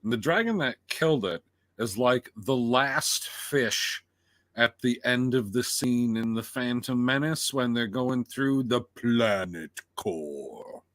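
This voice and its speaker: A man's voice: medium pitch, measured pace, no echo. A man co-hosting a casual review chat, swearing often and acting out his own reactions as he retells scenes. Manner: profane, animated, acts out his reactions. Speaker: co-host.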